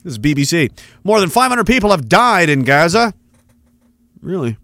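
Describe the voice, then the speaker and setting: A man's voice: high-pitched, sing-song, normal speed, a bit bright, no room sound. A man hosting a podcast, ranting sarcastically and with heavy profanity while commenting on news clips. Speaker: podcast host.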